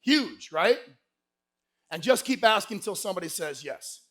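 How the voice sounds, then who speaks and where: A man giving a lively motivational sales keynote to a live conference crowd, telling stories and pushing the audience to shout answers back. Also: sits high, measured pace. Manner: energetic, crowd call-and-response; folksy, peppered with "right?". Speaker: sales speaker.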